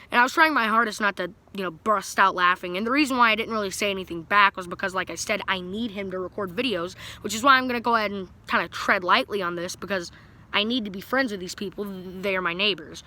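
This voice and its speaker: A man's voice: high-pitched, fast, sharp tone. A young man telling a story to his viewers in a rambling, casual way, full of fillers and restarts. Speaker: vlogger.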